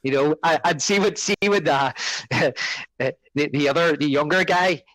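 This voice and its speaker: A man's voice: a little high, unhurried, no echo, low-quality recording. A man co-hosting a podcast, chatting casually about a film and acting out its lines. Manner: animated, quotes film lines in character. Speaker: podcast co-host.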